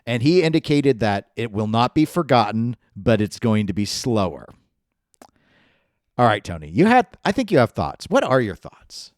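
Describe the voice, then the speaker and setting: A man's voice: mid-range voice, big pitch swings, normal speed, no room sound, clean studio sound. A man co-hosting a gaming podcast in casual chat, rambling and chatty. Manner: rambling, chatty, laughs often. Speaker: podcast co-host.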